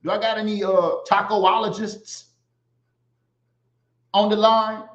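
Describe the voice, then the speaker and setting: A man hosting a casual livestream, animated and giving shout-outs to viewers. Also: high-pitched, takes it slowly. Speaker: livestream host. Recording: echoey, slightly dull sound.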